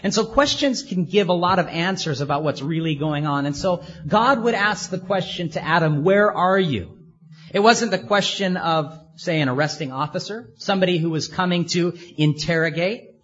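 A man's voice: sits high, husky, highs cut off. A man preaching a sermon in an earnest way, asking his listeners many rhetorical questions.

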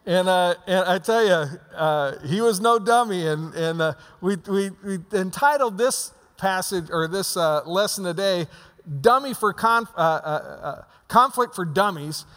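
A man's voice: sits high, lively intonation, measured pace, fairly bright tone, in a large hall. A man preaching a conversational sermon as the pastor, often restarting his sentences. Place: church sanctuary.

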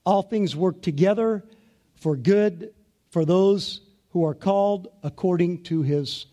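A man preaching a sermon as pastor, in a slow, deliberate and emphatic way. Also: high voice, warm tone.

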